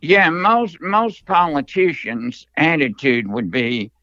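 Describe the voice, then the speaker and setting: Older man telling a story, bright voice. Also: on the high side, no echo, lo-fi sound. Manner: slow, earnest storyteller. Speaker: interview guest. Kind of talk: storytelling interview.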